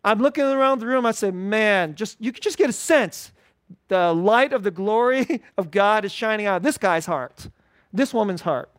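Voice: mid-range voice, lively intonation, normal speed, no room sound. A pastor preaching in a dry room. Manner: informal, repeats key phrases, chuckles often. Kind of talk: conversational sermon. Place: church service.

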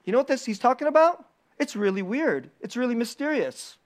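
Animated, laughing preacher. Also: medium pitch, a little fast. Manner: animated, repeats key phrases, laughs often. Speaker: preacher with a weekly video channel. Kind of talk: casual sermon teaching.

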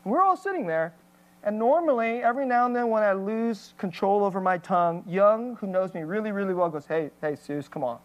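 A woman's voice: medium pitch, animated, a little fast, muffled recording. A woman pastor giving an emotional, candid personal testimony in a sermon, with plenty of fillers and restarts.

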